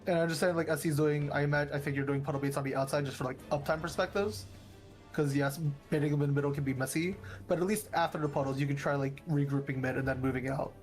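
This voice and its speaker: A man on voice chat calmly going over raid tactics, hedging a lot with fillers. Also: on the high side, fast, faint music behind. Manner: hedging, full of "like", explains calmly. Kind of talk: casual strategy talk over voice chat.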